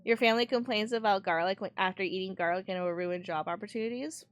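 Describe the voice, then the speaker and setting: A woman's voice: mid-range voice, fast talker, clean tone. A young adult woman streamer chatting casually while playing a game, rambling, laughing often and saying "like" a lot.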